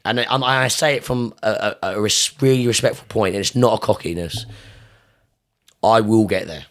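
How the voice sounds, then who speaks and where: A young gym owner and Muay Thai coach talks in a casual podcast interview, his voice lowish, a bit bright, at a moderate pace. He speaks with intense emphasis, swears constantly and repeats phrases, his voice jumping up sharply when he gets fired up.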